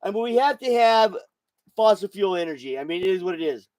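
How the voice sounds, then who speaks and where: A man in his sixties hosts a podcast in a high, expressive voice with a darkish tone, talking a little fast. He's buzzed and intoxicated, rambling, cursing, and repeating himself through a casual monologue, all on a dry, rough recording.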